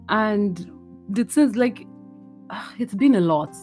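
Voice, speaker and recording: A woman's voice: medium pitch, lively intonation, takes it slowly, long pauses, soft background music. A woman hosting a casual solo podcast, tired and emotional, rambling and mixing in Yoruba phrases. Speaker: podcast host. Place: indoors at home.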